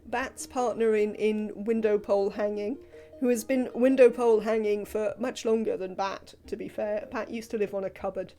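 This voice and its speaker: A woman's voice: medium pitch, dark tone. Chatty woman streaming a game. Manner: rambling, chatty, frequent fillers. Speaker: livestreamer. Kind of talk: casual live gameplay commentary.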